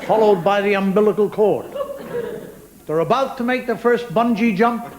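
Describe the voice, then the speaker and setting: High-voiced man doing stand-up. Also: normal speed, very noisy. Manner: chatty, wry, talks straight to the audience. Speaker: stand-up comedian. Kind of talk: stand-up monologue. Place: TV studio with a live audience.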